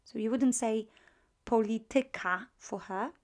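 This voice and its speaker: A woman with a Polish accent teaching a beginner language lesson, repeating words slowly and checking in with questions. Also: a little high, a little mellow. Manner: slow drilled repetition of target words; frequent fillers and checking questions.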